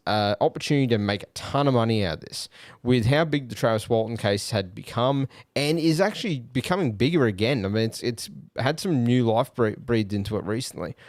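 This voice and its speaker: An Australian man hosting a podcast, musing aloud in casual commentary with many pauses and fillers. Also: mid-range voice, darkish tone, dry recording, clean studio sound. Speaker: podcast host.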